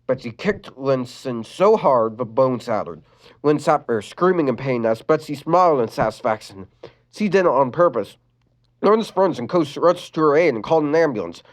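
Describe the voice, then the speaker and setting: A storyteller reads a fan-written sad story aloud. The delivery is expressive, with a lively, swooping pitch and the odd stumble and restarted word. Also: moderate pace.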